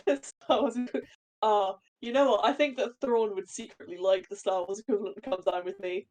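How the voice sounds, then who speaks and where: A woman co-hosting a podcast, excitable and swearing freely as she reacts. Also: mid-range voice, moderate pace. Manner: excitable, swears and laughs a lot. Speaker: podcast co-host. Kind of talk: casual chat.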